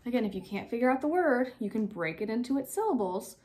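A young woman teacher giving a recorded spelling lesson to young pupils, spelling words out slowly letter by letter and encouraging them. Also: fairly high pitch, very animated, darkish tone, a little hiss or hum.

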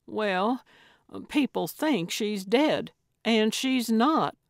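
A woman's voice: mid-range voice, unhurried, no room sound, studio quality, close to an everyday voice. A woman voicing an eager, fussy older woman amateur sleuth, earnest and flustered in an audiobook. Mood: insistent.

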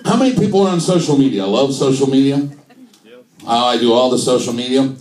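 Male stand-up comedian, animated voice, wry and playful, roomy club sound. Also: mid-range voice, fast, distant mic. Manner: wry, playful, jokes delivered with shifting emphasis. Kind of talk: stand-up set.

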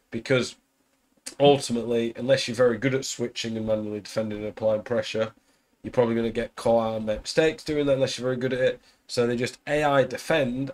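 A young man walks through his game setup in an easygoing, conversational voice. His pitch sits in the middle of the range, and he thinks aloud as he goes, dropping the occasional filler. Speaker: gaming content creator. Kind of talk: casual tactics explainer.

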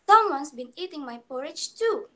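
A mild mama bear from a storybook, read by a young woman with an Indonesian accent. She repeats the complaints in a plain, fairly high voice. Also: animated, moderate pace, a bit bright. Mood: complaining.

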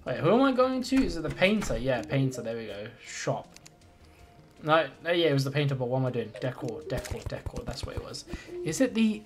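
A man's voice: medium pitch, big pitch swings, fairly quick, soft background music. A man live-streaming a game in casual chat, thinking aloud and greeting and thanking viewers as he plays.

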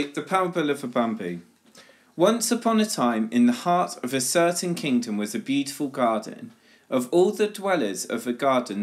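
Man reading a parable aloud. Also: mid-range voice. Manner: measured storytelling. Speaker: prayer leader at a church children's service.

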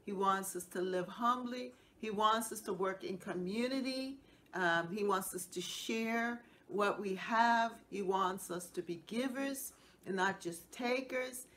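A woman's voice: medium pitch, a little slow, a bit bright. A middle-aged woman hosting a devotional Bible teaching show, speaking in an earnest, repetitive preaching cadence.

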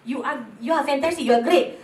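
A woman's voice: high-pitched, fast, echoey room, recorded from a distance, rough recording. A Malaysian woman talking candidly as a guest, moving between English and Malay. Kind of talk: casual talk show chat.

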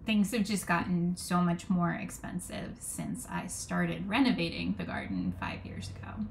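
Slow, musing woman vlogger. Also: lowish voice, lively intonation, creaky, slight background noise. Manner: thinks aloud with frequent restarts; frank opinions on design. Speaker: garden vlogger. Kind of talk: casual rambling commentary.

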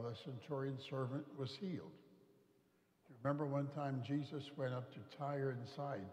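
A middle-aged male priest with a mid-range, darkish voice tells folksy stories through his homily and performs the quoted voices. The recording is echoey and distant, made in a large church.

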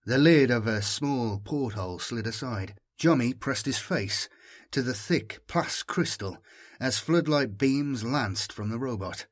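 A man narrating an audiobook in a measured, dramatic manner. His voice is husky and sits at an ordinary pitch. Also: expressive. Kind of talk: scripted narration.

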